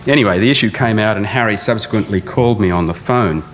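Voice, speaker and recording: A man's voice: fairly low pitch, fast talker. A middle-aged man, an architect, introducing a speaker with dry, anecdotal stories, now and then putting on an accent. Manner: dry storytelling with occasional accent impressions. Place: large lecture theatre. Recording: long reverb in a large lecture hall, faint hum.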